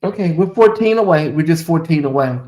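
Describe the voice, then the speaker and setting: Middle-aged male streamer, slightly high voice, playful and chatty, roomy echo. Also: brisk. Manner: animated, teasing, talks straight to chat. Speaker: livestream host. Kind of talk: casual livestream chat. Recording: echoey room.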